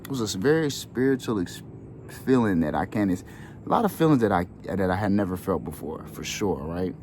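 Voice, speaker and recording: Earnest, low-pitched man for a heartfelt monologue, casual slang, light background hum. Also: lively intonation, brisk, a little mellow. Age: adult with children. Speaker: wellness channel host. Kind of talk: heartfelt personal storytelling.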